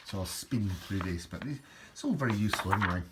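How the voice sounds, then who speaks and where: A man's voice: lowish voice, lively intonation, quick pace. A man chatting casually while leafing through an old repair book, rambling and restarting his sentences. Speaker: book reviewer. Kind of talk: casual chat. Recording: noisy home recording.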